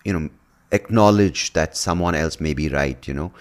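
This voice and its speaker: A man hosting an interview who talks in an animated way, laughs often and restarts his sentences. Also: extremely low pitch, moderate pace. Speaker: podcast host. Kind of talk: conversational interview.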